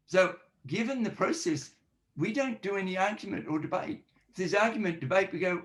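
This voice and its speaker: In a podcast interview, a man in the role of forensic linguist walks through his explanations point by point and performs example questions. He talks briskly in a high, expressive, slightly bright voice.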